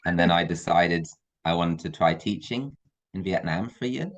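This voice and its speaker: Deep-voiced young English man. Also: moderate pace, a little hiss or hum. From England. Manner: relaxed, hesitant with fillers. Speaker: guest, university student. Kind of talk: casual video call chat. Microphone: video call.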